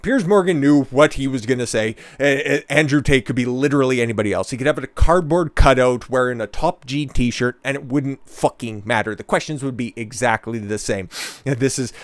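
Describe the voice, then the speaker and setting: A man's voice: medium pitch, no echo. Profane ranting man, dry close mic. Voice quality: profane, exasperated. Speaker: reaction commentator. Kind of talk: ranting reaction commentary.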